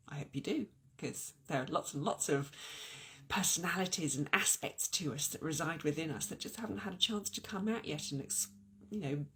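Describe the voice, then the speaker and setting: At an online event, a woman spiritual teacher gives an earnest, encouraging talk in a deep voice that is going hoarse. She's animated and often restarts her sentences.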